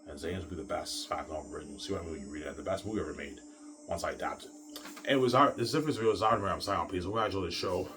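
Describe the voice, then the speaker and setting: A man rants in a fast, repetitive, profanity-laced monologue to his viewers. His voice is extremely deep. He sounds far from the microphone, with clear music underneath. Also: noisy background. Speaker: video ranter. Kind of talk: angry monologue. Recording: distant from mic, music behind.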